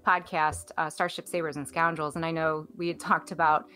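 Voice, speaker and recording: A woman co-hosting a podcast, excited and gushing as she talks. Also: low voice, a little fast, soft background music. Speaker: podcast co-host. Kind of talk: casual podcast interview.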